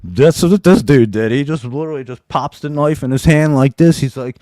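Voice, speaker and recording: A man hosting a live show, telling a wild story in a casual, profane, animated way and laughing as he goes. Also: on the high side, normal speed, few pauses, no room sound, studio quality.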